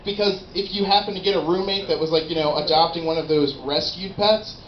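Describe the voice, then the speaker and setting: A young man with a fairly high voice does a rambling, animated stand-up routine, swearing freely. The recording is roomy and dull, with steady noise behind him. It sounds like a small live comedy venue. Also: brisk. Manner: rambling, animated, profane storytelling.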